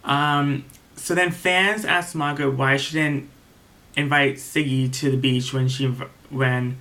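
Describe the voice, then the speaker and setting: A man's voice: mid-range voice, steady tone, unhurried, sharp tone. A man recapping a reality show episode in a casual, rambling way, retelling what the cast said and openly taking sides, with many ums and restarts.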